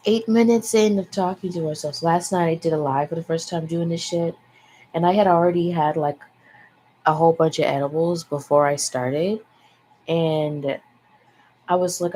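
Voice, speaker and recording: A woman's voice: low-pitched, steady tone, normal speed, mellow, rough recording. A young woman vlogger chatting in a frank, rambling way, sighing and swearing freely. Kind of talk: casual rambling chat. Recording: faint background noise.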